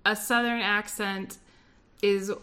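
A woman from North Carolina co-hosting a casual podcast. Her voice is bright and forward, and she talks in a chatty way, doubles back to correct herself, and laughs easily. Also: medium pitch, flat delivery, slow pace. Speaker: podcast co-host. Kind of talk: casual chat.

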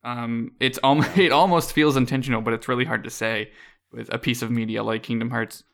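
A man's voice: mid-range voice, brisk, creaky. Rambling young man co-hosting a podcast. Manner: rambling, relaxed, laughs often, many fillers. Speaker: podcast co-host. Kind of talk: casual podcast chat.

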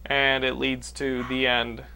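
A man's voice: mid-range voice, monotone, slow, sharp tone, clear, resonant tone. A man hosting a podcast, recapping a movie plot in casual chat with many restarts. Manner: rambling, restarts a lot. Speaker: podcast host.

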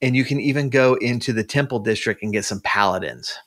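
A man's voice: medium pitch, fast talker, fairly bright tone. A man, a podcast guest, chatting casually and retelling a story, with many restarts and fillers. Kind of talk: casual chat.

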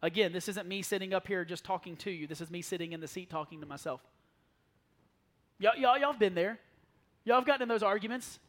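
A man preaching a sermon to a church, telling lively stories and dropping to a near whisper for asides. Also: sits high, fairly quick. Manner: animated storytelling, drops to a near whisper for asides. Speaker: pastor. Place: church sanctuary.

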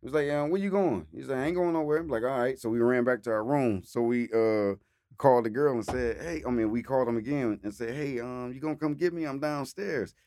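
A man's voice: mid-range voice, quick pace, no room sound. A man casually telling road stories, acting out voices and laughing often. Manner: animated, acts out voices in anecdotes, laughs often. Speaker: storyteller guest. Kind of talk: casual storytelling chat.

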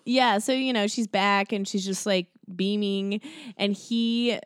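A woman's voice: takes it slowly, clean tone, dry recording, clean studio sound. A woman co-hosting a casual chat, recapping a movie and acting out the characters' lines. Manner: animated, acts out characters' lines in a high voice. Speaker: podcast co-host.

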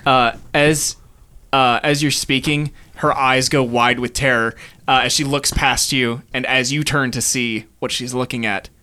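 A man runs a tabletop game, narrating scenes in a rambling way with frequent fillers. His voice is bright and forceful. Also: medium pitch, fairly even intonation, measured pace, a little hiss or hum. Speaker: game master.

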